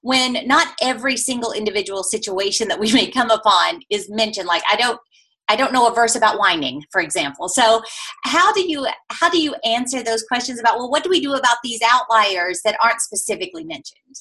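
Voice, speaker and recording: A woman hosts a faith-based parenting podcast in an easy, conversational way, affirming her guest and asking follow-up questions. Her voice is bright and sits fairly high. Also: expressive, fairly quick. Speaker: podcast host.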